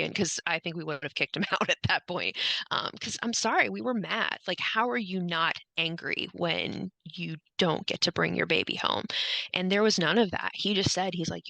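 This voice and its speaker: A young adult woman speaks as a podcast guest, candid and emphatic. Her voice is bright and tight, with a gravelly fry at phrase ends, and it sounds dry and close. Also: on the low side, moderate pace, no echo, rough recording. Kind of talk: candid conversational podcast chat.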